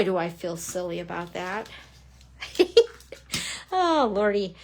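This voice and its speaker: A middle-aged woman with a slightly high voice runs a live papercraft demo from her craft table. She chats in a bubbly way, pokes fun at herself and greets viewers as she works. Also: a bit bright. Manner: chatty, bubbly, self-teasing, talks to viewers. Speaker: papercrafting instructor. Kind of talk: live-streamed craft demonstration.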